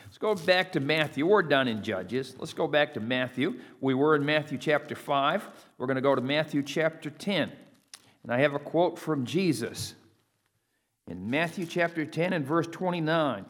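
A man's voice: a little high, expressive, moderate pace, a bit bright. Man preaching in a reverberant hall. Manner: preaching with rising emphasis on scripture readings; urging listeners to repeat phrases. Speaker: pastor. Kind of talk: sermon.

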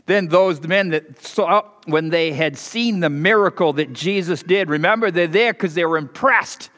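A man preaching a sermon as pastor, telling folksy stories and leaping higher and louder for emphasis. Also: normal speed. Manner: folksy storytelling, swings loud and high for emphasis. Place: church sanctuary. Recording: preached in a hall with long reverb.

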